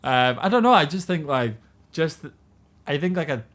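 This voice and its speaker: A man's voice: fairly high pitch, expressive, moderate pace, a bit bright. Candid british guy in his twenties. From Britain. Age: 20s. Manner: candid, laughing, full of fillers. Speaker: podcast guest. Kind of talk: casual chat.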